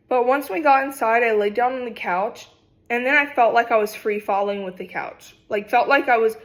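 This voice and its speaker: A young woman in her twenties, a vlogger, telling a personal story in a casual, animated, dramatic way. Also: mid-range voice. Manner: animated, dramatic retelling with acted quotes.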